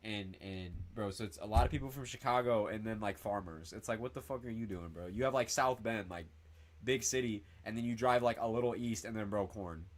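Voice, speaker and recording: A young man from northern Indiana chatting casually on a livestream, reading viewer comments and rambling excitably, swearing a lot and saying "bro" constantly. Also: fairly low pitch, fairly quick. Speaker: streamer.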